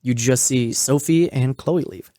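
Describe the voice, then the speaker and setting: A man's voice: mid-range voice, unhurried, dark tone. A man hosting a podcast, retelling a video in a rambling casual way, with lots of fillers and swearing. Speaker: podcast host. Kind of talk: casual storytelling recap.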